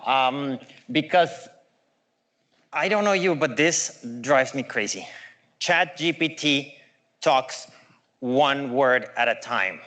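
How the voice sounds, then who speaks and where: A middle-aged man giving a conversational, animated conference talk with playful asides. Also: medium pitch, takes it slowly, pauses often. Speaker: conference speaker.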